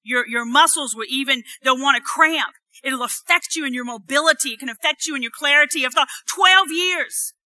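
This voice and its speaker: High, bright woman preaching a sermon. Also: moderate pace, few pauses, no echo. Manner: rises from soft, hushed lines to loud, emphatic preaching; repeats phrases for emphasis. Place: church service.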